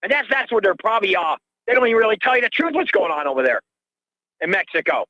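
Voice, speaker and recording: A man's voice: sits high, big pitch swings, fast talker, no echo. An older man calling in to a radio show, ranting in an agitated way and repeating himself, heard through dull lo-fi call audio. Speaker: caller.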